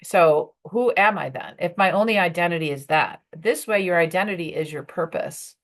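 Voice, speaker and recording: A woman's voice: lowish voice, moderate pace. Woman leading a leadership workshop. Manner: conversational, with fillers and acted-out dialogue. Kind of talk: workshop talk to professional women.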